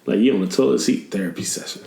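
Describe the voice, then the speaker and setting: A man chatting casually as a podcast guest, animated and laughing often as he tells stories. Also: lowish voice, fast talker, gravelly, a little hiss or hum. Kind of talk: casual chat. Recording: echoey room.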